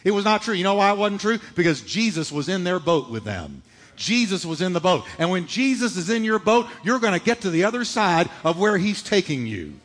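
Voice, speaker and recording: Animated preacher in a big echoing hall. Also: male voice, high voice, a little fast. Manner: emphatic preaching with rhetorical questions. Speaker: pastor. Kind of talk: sermon. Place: church sanctuary. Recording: reverberant hall.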